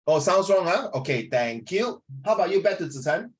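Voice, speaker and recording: A middle-aged man teaches over a video call, chatty and teasing with his students. His voice sits on the higher side and swings widely in pitch. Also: very animated, normal speed. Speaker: English tutor. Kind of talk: online class teaching.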